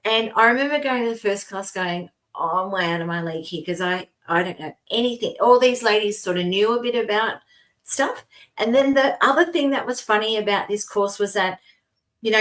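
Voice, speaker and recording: An Australian woman in middle age co-hosts a relaxed podcast. She tells long personal stories in a meandering, chatty way, often breaking into laughter as she goes. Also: medium pitch, a little fast. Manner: rambling storytelling with frequent laughs. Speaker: co-host. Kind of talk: casual podcast chat.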